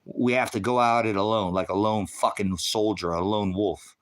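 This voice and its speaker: A man's voice: lowish voice, steady tone, normal speed. A middle-aged man ranting on a livestream, heated, profane and confrontational, lecturing his viewers and the chat directly. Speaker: livestream host. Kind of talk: livestream rant.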